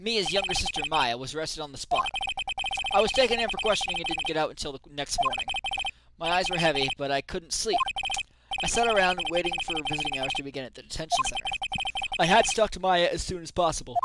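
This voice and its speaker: A man narrating and reading a game aloud as a YouTuber, jokey and animated. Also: fairly high pitch, fast talker, heavy background noise. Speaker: gaming YouTuber. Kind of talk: let's play narration and commentary. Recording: loud game music behind.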